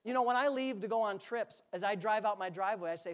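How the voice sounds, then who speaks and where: A man's voice: high-pitched, fast talker, few pauses, a bit bright. A man preaching a sermon as a pastor in a church, talking casually and joking with the congregation. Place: church sanctuary.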